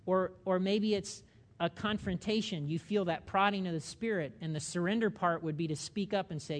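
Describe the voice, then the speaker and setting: A middle-aged man preaching a sermon, lively and conversational, acting out little voices and asking "okay?" often. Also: sits high, normal speed. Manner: animated, acts out little voices and asides, repeats "okay?". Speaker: pastor.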